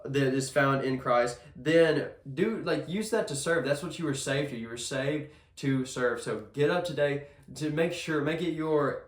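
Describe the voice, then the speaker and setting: A man's voice: fairly high pitch, unhurried, few pauses. A man giving a casual devotional sermon in a chapel, earnest and conversational, often restarting his sentences. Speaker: devotional speaker. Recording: echoey room.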